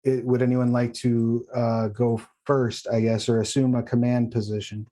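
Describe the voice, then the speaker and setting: A man acting as game master of a tabletop game, explaining rules and options patiently and in a measured way. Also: medium pitch, little pitch movement, warm tone. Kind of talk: running a tabletop game online.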